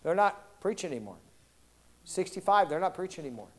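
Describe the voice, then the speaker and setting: Man in his 60s, a high-pitched preacher who delivers an animated sermon and draws responses from the crowd. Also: a little fast. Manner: folksy, animated, calls out to the congregation for responses.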